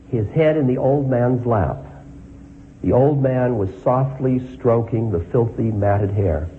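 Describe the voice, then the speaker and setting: Man, spiritual teacher, reflective and questioning, thin lo-fi line with faint hiss. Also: mid-range voice. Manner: reflective, asks questions to the listeners. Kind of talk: story reading then reflective talk. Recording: phone-like line with faint noise.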